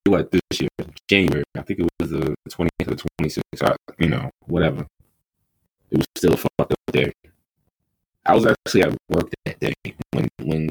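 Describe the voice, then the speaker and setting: A man's voice: low-pitched, gravelly, husky, no room sound, poor audio. A man co-hosting a podcast, telling a story in a laid-back, slangy way and swearing freely. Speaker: podcast co-host. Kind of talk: casual podcast chat.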